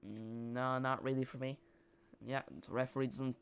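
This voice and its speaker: A man's voice: mid-range voice, flat delivery, unhurried, clean tone. A man hosting a live football watch-along, rambling and joking with his chat while calling the play.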